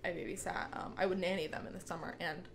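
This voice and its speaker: A woman's voice: on the low side, quick pace. Giggly young woman telling stories. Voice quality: many fillers, giggly, animated storytelling. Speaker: guest telling babysitting stories. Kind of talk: casual chat.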